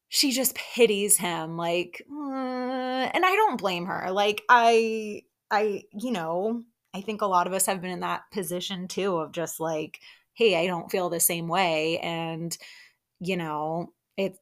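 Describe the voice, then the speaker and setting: A young woman hosting a casual recap podcast, chatty and animated, acting out what people said in put-on voices. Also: lowish voice. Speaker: podcast host recapping reality TV. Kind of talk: casual chat.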